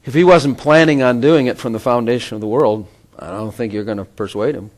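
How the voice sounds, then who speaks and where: Man, middle-aged, preacher, informal sermon, rambling, chuckles, mid-pitched voice. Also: brisk. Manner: rambling, chuckles often, conversational asides.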